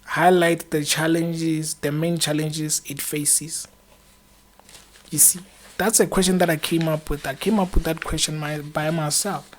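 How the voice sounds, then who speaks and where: A young man hosting an informal exam-prep video, talking to camera in a chatty, encouraging way that rambles with frequent fillers. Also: on the high side. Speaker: student exam-prep channel host.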